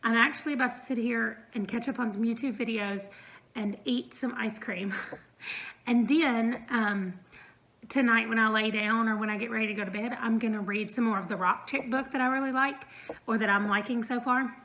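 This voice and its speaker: A woman's voice: on the high side, steady tone, moderate pace, fairly bright tone, a little hiss or hum, poor audio. A woman in her thirties chatting casually at home in a book vlog, rambling with fillers and little laughs. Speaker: book vlogger. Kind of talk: casual reading vlog chat. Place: room at home.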